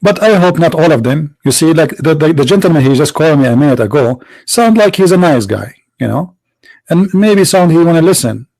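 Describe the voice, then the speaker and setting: A man's voice: on the high side, expressive, a little fast, darkish tone, poor audio. A man hosting a heated religious debate, taunting with repeated rhetorical questions. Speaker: debate show host.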